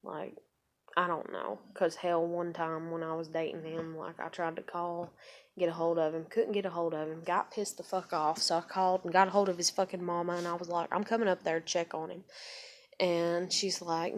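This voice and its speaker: A woman, telling a personal story in a rambling, profane vlog, dropping to quiet asides and rising to loud outbursts. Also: fairly low pitch, a little fast. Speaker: vlogger.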